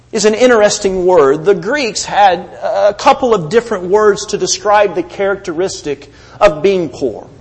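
High-voiced man preaching in a reverberant hall. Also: husky. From United States. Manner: preaching with swelling emphasis and trailing low endings. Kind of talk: sermon. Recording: long reverb of a large hall.

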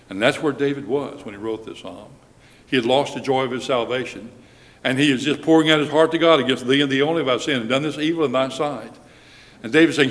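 In a reverberant hall, a man with a medium-pitched voice preaches a Sunday sermon. His delivery is measured, and he slows down further whenever he reads scripture aloud.

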